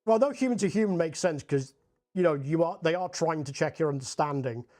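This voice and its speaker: A young Scot speaks fairly quickly in a slightly high, expressive, somewhat mellow voice. He's rambling casually as he paints on a livestream, swearing a lot and filling gaps with "like."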